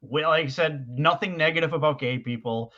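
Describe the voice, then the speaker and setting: A man with a fairly high, bright voice chats casually as a podcast co-host. He rambles and hesitates, restarting his sentences. The recording sounds dull and lo-fi. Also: a little fast. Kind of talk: casual chat.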